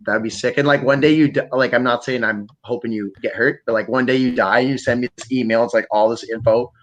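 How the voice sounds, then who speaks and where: A man from Canada hosting a podcast, talking in a rambling, profane, animated way. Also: medium pitch, fast. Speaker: podcast host. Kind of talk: casual chat.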